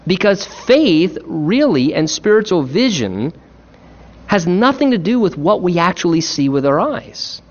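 High-voiced man preaching earnestly. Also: big pitch swings, measured pace, highs cut off. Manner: earnest, emphatic preaching with acted-out quotes. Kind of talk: sermon.

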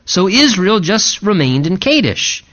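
Animated male preacher, lo-fi sound. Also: high voice, measured pace. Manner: animated, explains verse by verse with conversational asides. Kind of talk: expository sermon. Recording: dull lo-fi recording.

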